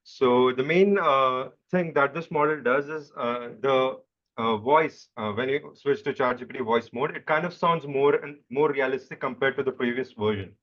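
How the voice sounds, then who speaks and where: A young man answering interview questions in a relaxed, explanatory way, often stopping and restarting. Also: mid-range voice, normal speed. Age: young adult. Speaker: interview guest. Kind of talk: casual chat. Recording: dull lo-fi microphone.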